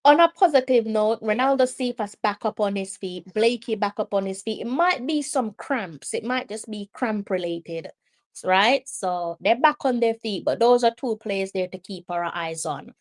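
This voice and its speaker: A woman with a Jamaican accent hosting a live football watch-along, excitable and exasperated, slipping into patois. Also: mid-range voice, normal speed. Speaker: live stream host.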